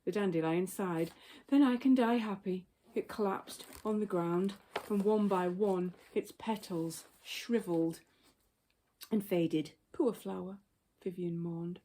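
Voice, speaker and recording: A woman reading a children's story aloud in a gentle, unhurried storytelling manner. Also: lowish voice.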